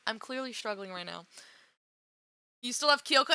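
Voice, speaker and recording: A woman streaming a game, talking through it with big, dramatic reactions and plenty of swearing. Her voice sits a little high and sounds bright and forward, recorded close and dry. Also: animated, moderate pace, clear, resonant tone, no echo. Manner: dramatic, laughing and wailing, swears freely. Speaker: VTuber streamer. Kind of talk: emotional let's-play reaction.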